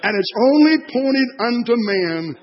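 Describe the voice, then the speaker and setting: An older man preaching a sermon. He is impassioned and moves from hushed words to shouting. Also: very high-pitched, expressive, measured pace. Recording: dull lo-fi recording.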